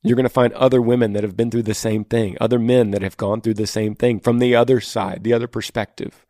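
A medium-pitched man talks fast with a warm, level tone in clean studio audio with no echo. Hosting a podcast and answering listener questions, he offers earnest, encouraging faith-based advice and repeats phrases for emphasis.

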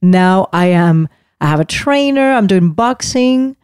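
A woman in her fifties with a Puerto Rican Spanish accent, co-hosting a casual podcast, expressive and self-deprecating. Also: fairly low pitch, unhurried, clear, resonant tone, no echo, clean studio sound. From Puerto Rico. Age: 50s. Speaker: podcast co-host. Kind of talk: casual chat.

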